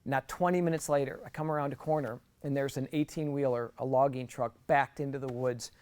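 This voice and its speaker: A man's voice: medium pitch, steady tone, a little fast, darkish tone. A middle-aged man giving an earnest, conversational personal testimony as a guest speaker, often restarting his sentences.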